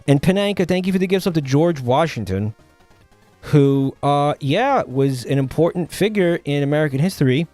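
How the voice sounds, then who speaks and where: A man streaming live and chatting casually, rambling and halting, with many fillers and restarts and an offhand, sardonic tone. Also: a little high, expressive, darkish tone, dry recording, soft background music.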